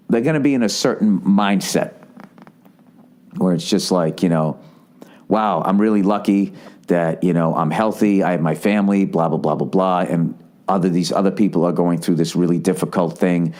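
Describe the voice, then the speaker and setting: A man's voice: deep voice, normal speed, a little mellow. A man in his forties hosting a solo podcast, telling a long, profane, self-deprecating story full of restarts and asides. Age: 40s. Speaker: podcast host.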